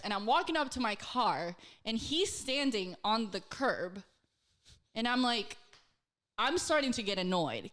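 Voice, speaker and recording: A woman in her twenties, a podcast co-host, telling a story in casual chat, animated and full of fillers and swearing. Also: mid-range voice.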